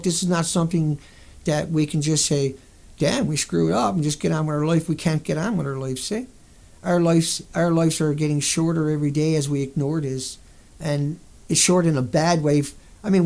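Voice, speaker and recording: A man with a raised, high voice roughened by heavy fry. He talks as a video host in a furious, profane rant that breaks into sudden outbursts. His anger carries through every line. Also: fairly even intonation, fairly quick, darkish tone. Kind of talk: angry monologue over pictures.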